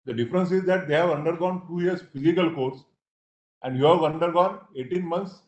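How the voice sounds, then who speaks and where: Man, Indian accent, judge, somewhat high voice, halting, dull echoey courtroom sound. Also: darkish tone. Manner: halting, stammers and restarts. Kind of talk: courtroom remarks from the bench.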